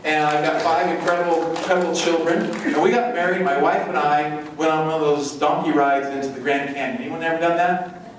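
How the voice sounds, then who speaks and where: A middle-aged man giving a motivational stage talk with a joke story, an energetic storyteller who slips into high acted voices, recorded from a distance in a large conference hall. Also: fairly quick, a little hiss or hum. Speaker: event speaker. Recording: echoey hall, distant mic.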